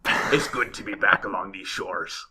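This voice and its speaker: A gruff pirate sailor growls out slow, drawn-out lines, put on by a man. The tone stays bright and cutting. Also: sits low, slight background noise, voice pushed down, heavily acted. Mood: jolly. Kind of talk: podcast banter.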